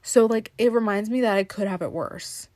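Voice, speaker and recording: A woman's voice: medium pitch, normal speed, a little mellow, dry recording. Rambling, dramatic young woman podcaster. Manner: rambling, dramatic, laughs often. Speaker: podcast host. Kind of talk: casual podcast monologue.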